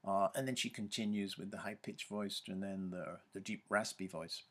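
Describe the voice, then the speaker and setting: A man's voice: on the low side, normal speed, hardly any pauses. A man giving a university lecture, hesitant and full of ums and uhs. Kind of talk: recorded lecture.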